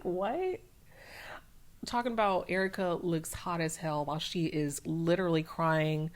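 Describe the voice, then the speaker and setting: A woman casually recapping a reality TV episode, chatty and animated, with lots of fillers as she retells the scenes. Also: on the low side. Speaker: recap channel host.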